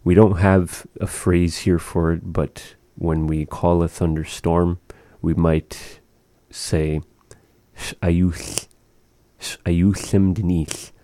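Slow, deep-voiced man teaching words. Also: little pitch movement, warm tone, no echo. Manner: slow, patient, repeating words for practice. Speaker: language teacher. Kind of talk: language lesson.

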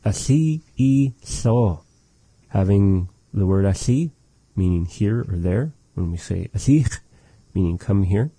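A man hosting a radio language lesson, slowly and carefully repeating phrases for learners. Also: sits low, mellow, slightly rough, dry recording. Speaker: language teacher.

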